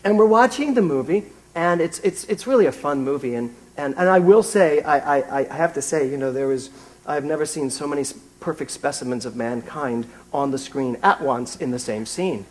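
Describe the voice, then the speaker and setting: Man in his fifties, British accent, high voice, chatty self-mocking sermon, minister. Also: expressive, moderate pace. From Britain. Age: 50s. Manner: conversational and self-mocking, with frequent restarts. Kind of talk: sermon with personal anecdote.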